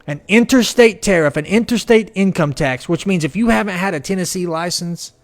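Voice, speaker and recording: A man delivering an angry, profane political rant, swinging between shouting and low growls. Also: a little fast. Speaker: political commentator.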